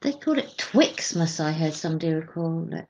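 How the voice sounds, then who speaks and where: A woman's voice: low voice, animated, moderate pace, darkish tone, slight background noise, low-quality recording. A woman co-leading midday church prayers, chatting with dry humour and reading scripture aloud.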